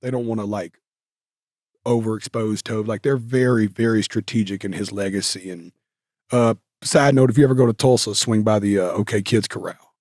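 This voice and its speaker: A man's voice: fairly low pitch, fairly quick, a little mellow, dry recording. Man, interview guest, casual storytelling, rambling, lots of fillers, dry sound. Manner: rambling, filler-heavy, with self-corrections.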